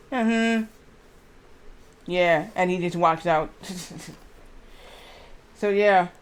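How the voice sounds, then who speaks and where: A man streaming live, chatting casually and reading aloud haltingly with lots of fillers. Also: sits high, clean tone. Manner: rambling, reads aloud haltingly with many fillers.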